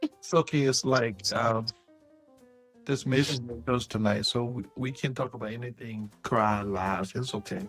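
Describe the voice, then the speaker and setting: A man hosting a memorial live stream, welcoming callers and consoling them in a gentle, soft-spoken way. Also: mid-range voice, measured pace, slightly rough, faint music behind.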